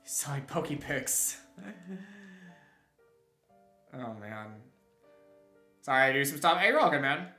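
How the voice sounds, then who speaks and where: Rambling young man streaming, bright and roomy. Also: medium pitch, expressive, measured pace, pauses often, soft background music. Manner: rambling, restarts a lot, chuckles often. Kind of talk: casual live-stream chat while gaming. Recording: roomy echo.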